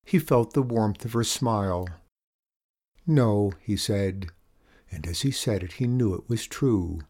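Guy reading a kids story, calm and gentle, kinda low voice. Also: a little slow. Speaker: narrator.

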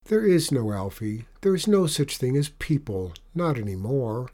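A man's voice: mid-range voice, big pitch swings, normal speed, warm tone. A man voicing a mother dragon who scolds and coaxes her son. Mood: stern. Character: mother dragon, stern yet caring.

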